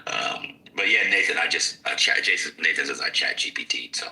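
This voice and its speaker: A man hosts a loose podcast chat, rambling into long explanations and filling the gaps with "um" and "uh." His voice is very deep yet sharply bright, and it sounds a little distant from the microphone. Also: animated, fairly quick. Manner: rambling, lecturing, many fillers. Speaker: podcast host. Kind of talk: casual chat. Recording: voice distant from mic.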